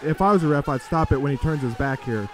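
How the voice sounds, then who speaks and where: A man giving casual live-stream commentary on fight videos, swearing freely, laughing often and breaking into excited shouts. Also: a little high, fast, faint music behind.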